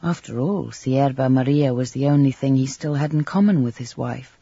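A man narrating a literary novel in a measured, even storytelling manner, on a slightly dull, dry recording. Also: mid-range voice, husky, no room sound. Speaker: audiobook narrator.

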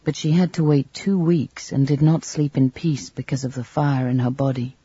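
A man narrating a literary novel in a measured, even storytelling manner, on a slightly dull, dry recording. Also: medium pitch, husky, no echo. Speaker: audiobook narrator.

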